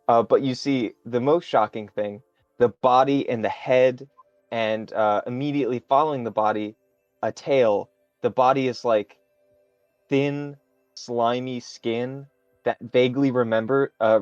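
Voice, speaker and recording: Male game master, mid-pitched, halting improvised narration over dull, dry lo-fi stream audio. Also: no room sound.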